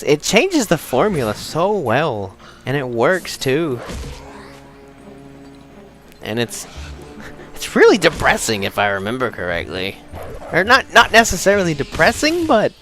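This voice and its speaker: Lively, chatty young man playing a game. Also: medium pitch. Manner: excitable, chatty, rambling with restarts. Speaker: let's play host. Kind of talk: casual gameplay commentary.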